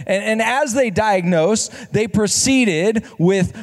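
High-voiced man preaching in a hall. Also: lively intonation, slow, hardly any pauses. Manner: conversational, self-correcting, rhetorical asides. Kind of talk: storytelling sermon. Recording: long reverb of a large hall.

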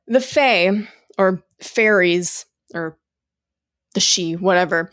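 A young woman co-hosting a casual podcast. She reads a spooky tale aloud, drops into a hushed voice, and swears casually. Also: on the low side, slow, long pauses, no echo. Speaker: podcast co-host. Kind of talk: casual chat, reading a story aloud.

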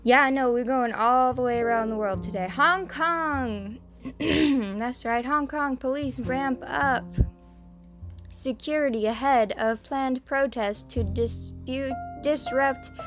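A woman's voice: high-pitched, steady tone, takes it slowly, soft background music. A woman with a Southern American accent reads news stories, stumbling over names and adding sarcastic asides. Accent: American Southern, slipping in. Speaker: podcast host reading news. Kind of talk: casual news commentary.

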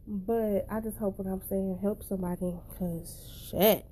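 A woman's voice: mid-range voice, steady tone, unhurried, few pauses, mellow, slightly rough. A young woman telling a personal story in a casual vlog, blunt and profane, getting emotional as she speaks.

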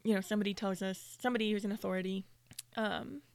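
A woman co-hosting a casual faith podcast, talking in an animated way and laughing easily. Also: medium pitch, fast talker, creaky, dry recording. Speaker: podcast co-host.

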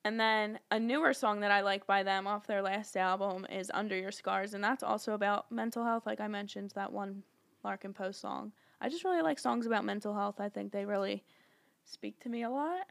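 A woman's voice: medium pitch, fairly even intonation, normal speed, creaky, a bit bright. A young woman co-hosting a podcast in casual chat, chatty and giggly, rambling with plenty of fillers. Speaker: podcast co-host.

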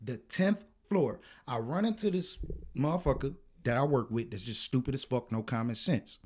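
A man co-hosting a podcast, telling a work story in casual, profane chat that turns loud and heated. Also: medium pitch, moderate pace. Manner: animated, profane, gets loud and heated retelling arguments. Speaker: podcast co-host.

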